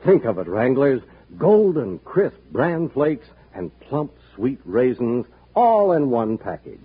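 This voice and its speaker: Man as a cowboy in an old cereal ad, very lively voice, husky, tinny. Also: slow, heavily acted. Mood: hearty. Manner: folksy, hearty ad pitch. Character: cheerful ranch hand in a cereal ad. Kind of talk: 1950s radio commercial. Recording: tinny 1950s radio broadcast.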